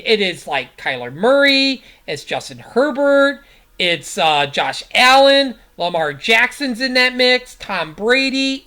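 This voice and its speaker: A woman's voice: mid-range voice, fairly bright tone. Rambling woman recapping football. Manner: rambling, full of fillers. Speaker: sports podcast host. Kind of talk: casual sports recap.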